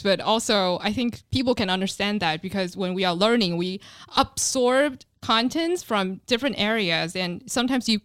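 A woman with a Taiwanese accent and native Mandarin, hosting a casual podcast chat in English, lively and quick to laugh, with many "you know" fillers. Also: mid-range voice, no echo, clean studio sound. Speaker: podcast host.

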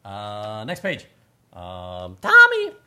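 A woman reading a children's picture book aloud, slowing down on the story lines and asking questions about the pictures. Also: a bass voice. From a Western country. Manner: animated, slows down for read-aloud lines, asks the listener questions. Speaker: storybook reader and co-host.

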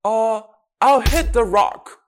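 Woman playing a gentle dinosaur parent. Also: a little high, animated. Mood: soothing. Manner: soothing then defeated, drawn-out.

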